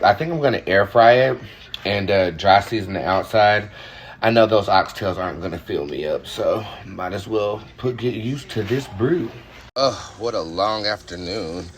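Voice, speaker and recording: A man vlogging in his home kitchen, talking loosely and swearing as he walks through his cooking, with a put-on Southern twang. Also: lowish voice. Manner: loose, chatty, exclaims over food, swears freely. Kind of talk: casual cooking vlog.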